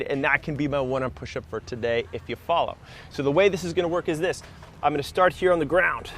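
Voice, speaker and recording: A man coaching runners outdoors, upbeat and instructive as he demonstrates push-ups while talking. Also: on the high side. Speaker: running coach. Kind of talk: fitness demonstration. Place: outdoors near a park.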